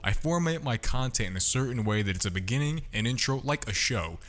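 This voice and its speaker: A man's voice: mid-range voice, animated, fairly quick, a bit bright. A young man talking casually as a podcast guest, brash, boastful and full of swearing. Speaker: podcast guest, content creator.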